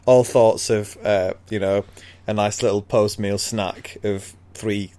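Male co-host, low-pitched, easygoing narrator of plot with frequent laughter. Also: fairly even intonation, slow, dark tone. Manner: laid-back storytelling with frequent laughs. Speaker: podcast co-host. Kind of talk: casual chat retelling a book.

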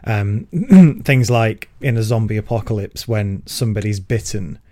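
A man's voice: fairly low pitch, animated, unhurried, mellow. A man co-hosting a casual book podcast, explaining ideas in a thoughtful, hesitant way with repeated words. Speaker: podcast co-host. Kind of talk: casual book-club chat.

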